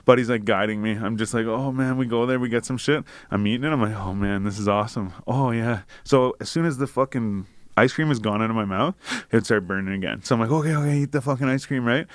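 Young man, casual chat, rambling profane storyteller, mid-pitched voice, dead dry recording. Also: fast talker, no echo. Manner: rambling, profane, animated anecdote-telling.

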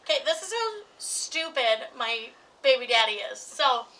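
A woman co-hosting a podcast, telling a story in casual chat, animated and laughing often as she acts out what others said. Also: high voice, moderate pace, recorded from a distance, poor audio. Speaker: podcast co-host.

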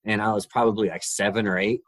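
A man's voice: on the low side, steady tone, quick pace, fairly bright tone, no room sound. A man in his forties, a guest on a podcast, chatting casually in a laid-back, self-deprecating way. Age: 40s. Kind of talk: casual chat.

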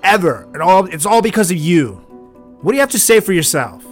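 A podcast host scolds his guest in a mock interview, his voice leaping up into shrill, disgusted outbursts. He sounds exasperated throughout. Faint music plays under him. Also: very animated, fairly quick.

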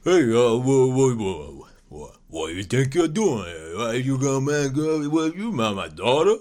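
Man putting on a gruff movie tough guy, stammering, slurred mumbling, lively swoops. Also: medium pitch, unhurried, voice pushed up. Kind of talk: comedic impression.

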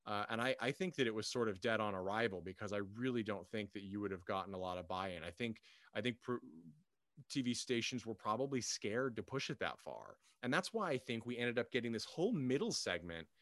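A man's voice: on the low side, a bit bright, no echo, clean studio sound. A man co-hosting a casual film discussion, rambling with many fillers and restarts. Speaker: podcast co-host.

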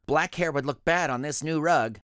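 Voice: medium pitch, moderate pace, a bit bright, no echo, clean studio sound, natural voice. A storybook reader voicing a fussy, house-proud male rabbit who scolds his guests. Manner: scolding, anxious about his rug. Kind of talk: storybook read-aloud.

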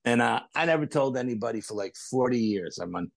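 A middle-aged man, telling a story as a podcast guest, animated and repeating phrases for emphasis. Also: medium pitch, brisk, creaky, no room sound. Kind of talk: storytelling in casual conversation.

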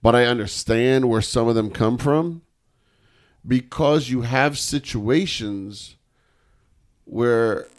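A man's voice: mid-range voice, takes it slowly, pauses often. A man who works in education, needling his friend in sardonic casual chat.

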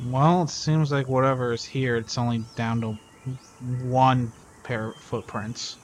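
A man's voice: medium pitch, fairly even intonation, measured pace, a little hiss or hum. A man playing in a tabletop game, talking through plans in a matter-of-fact way. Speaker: player. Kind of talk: casual tabletop game play.

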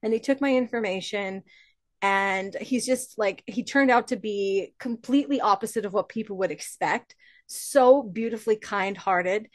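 A woman guest in a casual interview, telling personal stories in a lively way and swearing now and then. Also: mid-range voice, normal speed, no room sound, studio quality. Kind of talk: casual storytelling chat.

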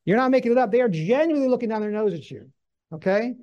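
Emphatic high-voiced male Bible teacher. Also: fast, lo-fi sound. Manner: emphatic, rhetorical questions, animated.

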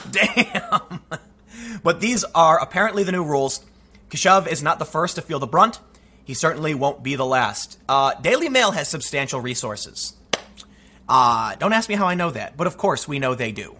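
A man in his thirties hosting his own channel, talking through commentary and telling a story with animated delivery. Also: on the high side, a little hiss or hum. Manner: animated storytelling, acts out quoted voices. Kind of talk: monologue commentary.

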